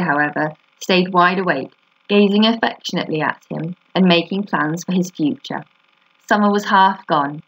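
A woman teacher reading a children's book aloud to a class, steady and expressive. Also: lowish voice, breathy edge, low-quality recording.

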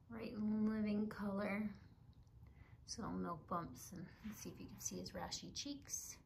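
Gravelly-voiced woman chatting casually. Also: medium pitch, steady tone, a little slow, slight background noise. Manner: chatty, drops into soft whispers. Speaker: doll collector vlogger. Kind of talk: casual chat to camera.

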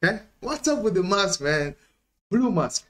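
A man hosting a music reaction video in a casual, excitable way, laughing often and tagging his sentences with "man" and "okay?". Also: sits high, unhurried.

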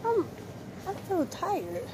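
A woman's voice: very high voice, huge pitch swings, takes it slowly. A woman vlogging while shopping, talking to herself in slang and short of breath behind a face mask, recorded on a phone inside a store. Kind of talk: casual shopping vlog. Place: indoors in a discount store. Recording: noisy store background.

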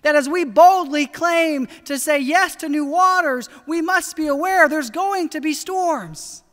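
A high-voiced woman preaching a sermon in a church sanctuary. She speaks earnestly and draws out her key phrases. A long, ringing reverb hangs on every word. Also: fairly bright tone. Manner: earnest, slows down for emphasis. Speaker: pastor.

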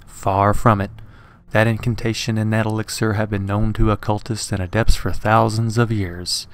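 A man voicing a grave male occult scholar who warns calmly and solemnly in a read-aloud horror story. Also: on the low side, moderate pace, clean tone, close to an everyday voice. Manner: calm, solemn warning.

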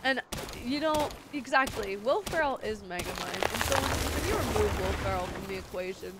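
A woman streamer chatting casually and profanely while gaming, with a sore throat, excitable and squealing over cute things. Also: mid-range voice, fairly quick, very noisy.

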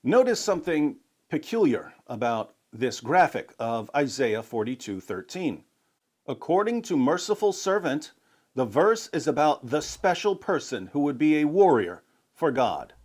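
A man narrating a scripted argument in a measured, explanatory way with a light sarcastic edge. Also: on the high side, sing-song, a little mellow. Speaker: narrator of a clip.

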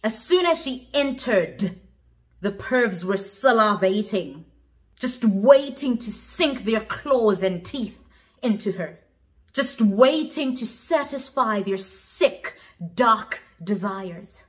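A woman's voice: on the high side, lively intonation, takes it slowly. A young woman telling a story in a dramatic vlog style, switching languages as she goes. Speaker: vlogger.

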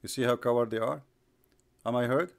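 A man's voice: mid-range voice, fairly even intonation, brisk, creaky. A man hosting a live online broadcast, mocking his subject with sarcastic rhetorical questions, repetition and bursts of laughter. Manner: rhetorical, repeats himself.

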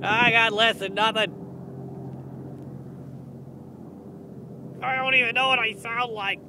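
A woman voicing a goofy, excitable male pig who chats in a silly way outdoors. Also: a little high, a little fast, background noise, close to an everyday voice. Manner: silly, chatty, bursts of shouting and giggles. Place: outdoors in the cold.

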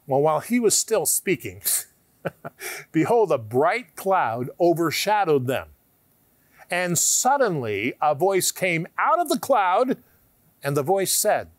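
A man's voice: fairly high pitch, very animated, slow pace, no room sound. Emphatic man teaching the Bible. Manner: emphatic, rhetorical questions, often drops to a hushed tone.

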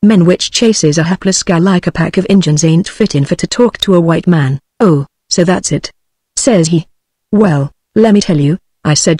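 A text-to-speech woman's voice with a British accent, reading a western story aloud, the dialogue in the same even voice. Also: fairly low pitch, normal speed, husky, no echo. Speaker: narrator.

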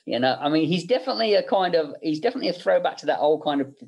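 A man's voice: on the high side, expressive, very fast, creaky, darkish tone, husky. Middle-aged man telling chuckling anecdotes. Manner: anecdotal, self-interrupting, chuckling asides. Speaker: special make-up effects artist, guest. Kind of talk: podcast interview storytelling.

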